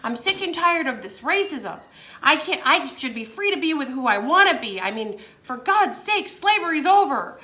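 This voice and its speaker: A woman's voice: sits high, expressive, normal speed, few pauses, pushed and bright, voice pushed up. A woman voicing an older man she dated, ranting in exasperation as she quotes him. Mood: indignant rant. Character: older man, loud indignant boyfriend.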